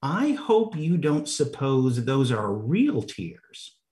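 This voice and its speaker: Contemptuous little twin, blunt and slow, as a male preacher reads him; drawn-out lines. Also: mid-range voice, very animated, darkish tone. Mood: scornful.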